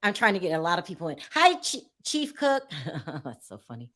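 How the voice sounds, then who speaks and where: A woman hosting a call-in talk show, chatty and quick to laugh as she questions callers. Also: on the low side, wildly swooping pitch, a bit bright. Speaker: host.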